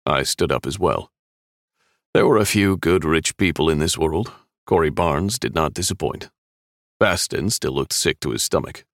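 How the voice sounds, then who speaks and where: A man reading a first-person story aloud in a steady, measured way. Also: rumbling low, no room sound, clean studio sound. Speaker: audiobook narrator.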